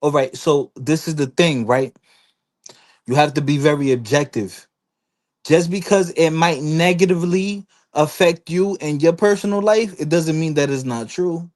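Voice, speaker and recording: Man rambling on a podcast, kinda high voice, lots of quick asides. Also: a little mellow. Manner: rambling storyteller, slips into quoted voices. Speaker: podcast panelist. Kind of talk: casual chat.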